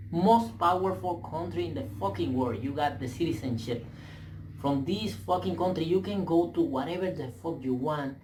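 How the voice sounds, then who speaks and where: A young man with a Spanish accent rants straight into a camera mic, English clearly not his first language. He is profane and emphatic, stumbling into restarts as he pushes his point. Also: on the high side, a little mellow. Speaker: vlogger. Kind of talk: heated rant to camera.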